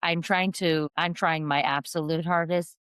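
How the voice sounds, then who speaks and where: A woman with a notably low, smooth voice speaks as a podcast guest, a parent coach who explains her ideas in an earnest, measured manner. The recording is close and dry, with no room sound. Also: fairly even intonation, fairly bright tone, no echo. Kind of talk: podcast interview.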